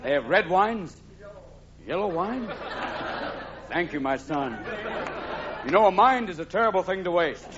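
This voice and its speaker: Male stand-up comic, manic, rapid-fire, high-ish voice; muffled live-stage recording, noisy laughing crowd. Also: animated. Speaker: stand-up comedian. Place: theater stage before a live audience. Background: audience laughter and noise.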